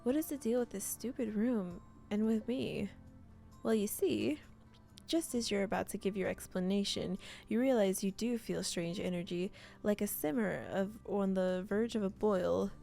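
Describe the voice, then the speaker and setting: A woman's voice: medium pitch, moderate pace, vocal fry, mellow, faint music behind. A woman hosting a let's play, reading a cozy role-playing game's text aloud with playful asides. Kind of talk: let's play narration of a visual novel.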